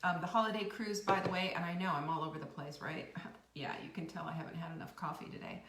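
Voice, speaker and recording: A woman's voice: on the low side, flat delivery, fast, background noise. A middle-aged woman, hosting a casual live-stream chat and reacting to viewer comments in a chatty, bubbly way. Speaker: host. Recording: echoey room, a bit far from the mic.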